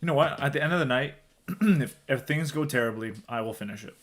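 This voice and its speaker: Guy co-hosting a podcast, middle pitch, dry jokey way of talking. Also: lively intonation, a little fast. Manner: wry, joking. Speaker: podcast co-host. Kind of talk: casual podcast chat.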